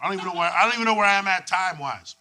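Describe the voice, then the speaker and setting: A young man performing a stand-up comedy set, loud and profane, working the crowd with lively back-and-forth. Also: high-pitched, racing. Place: comedy club stage with live audience. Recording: noisy live club recording.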